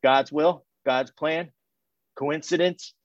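A middle-aged Californian man with a fairly high, steady voice shares his recovery story candidly with a support group, repeating phrases and restarting sentences haltingly. The recording is dry, dull and muffled.

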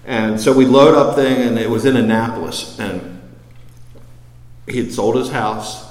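A man sharing a personal recovery story with a group, rambling, full of quick asides. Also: medium pitch. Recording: echoey hall.

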